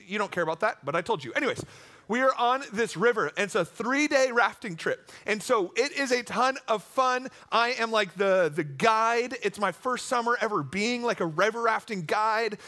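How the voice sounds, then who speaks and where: A young man gives a storytelling youth sermon from a church stage, rambling through jokey, self-deprecating asides. His voice is high-pitched and bright, with a forceful edge. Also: lively intonation, moderate pace. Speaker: youth pastor.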